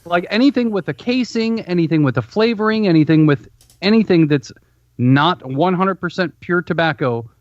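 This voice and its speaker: Teasing man with slightly high voice. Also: lively intonation, normal speed, dry recording, highs cut off. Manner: blunt, teasing, hesitant starts. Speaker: podcast co-host. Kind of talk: casual chat.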